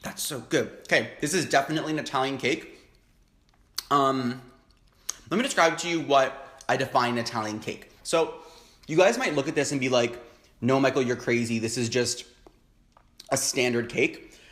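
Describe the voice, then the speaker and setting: Young male mukbang host, excitable and chatty, mid-pitched, roomy echo. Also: moderate pace, pauses often. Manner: chatty, excitable, frequent hums of enjoyment. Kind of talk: casual chat while eating. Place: home, indoors.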